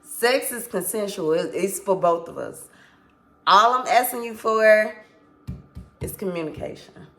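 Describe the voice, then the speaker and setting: A woman's voice: mid-range voice, a little slow, fairly bright tone, soft background music. A woman vlogger telling a casual storytime to her viewers, candid and rambling, swearing freely and apologizing as she loses her thread.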